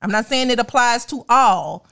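A woman's voice: a little high, animated, moderate pace, creaky, a bit bright, clean tone. A young woman co-hosting a podcast, ranting in casual comedic chat and acting out scenes in exaggerated voices. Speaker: podcast co-host.

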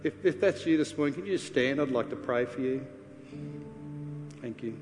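This earnest preacher speaks in a mid-range, animated voice at a normal speed, with music playing behind him. He's a pastor in a church sanctuary giving a sermon built around personal testimony and an altar call, sounding confessional and lowering to a hushed voice when he prays. The hall is reverberant, with faint ambience.

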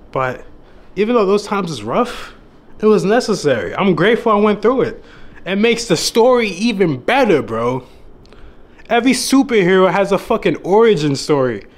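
A young man giving a casual, earnest motivational talk to his viewers, swearing freely and calling the listener bro, at times getting emotional. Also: fairly high pitch. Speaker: dating and self-improvement YouTuber. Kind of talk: motivational monologue to camera.

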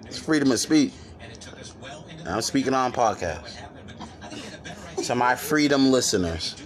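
A man's voice: medium pitch, expressive, measured pace. A man hosting his first podcast, talking casually, profane and joking. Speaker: podcast host. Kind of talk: casual chat.

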